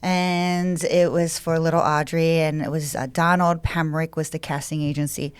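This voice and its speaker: A woman's voice: deep voice, little pitch movement, moderate pace, clean tone, no room sound. A woman actor guest casually telling a story, chatty and laughing along the way.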